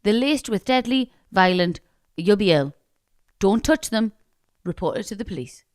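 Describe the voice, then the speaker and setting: Expressive British podcast woman. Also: medium pitch, moderate pace, no room sound, studio quality. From Britain. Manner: chatty, expressive, dramatic. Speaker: podcast co-host. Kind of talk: casual chat, reading listener emails.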